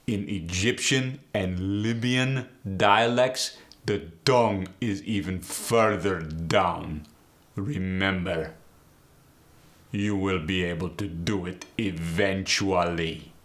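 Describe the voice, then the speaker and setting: A man from Jordan with a Jordanian Arabic accent, giving deliberate, evenly stressed pronunciation instructions as a guest demonstrator. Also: sits low, a bit bright.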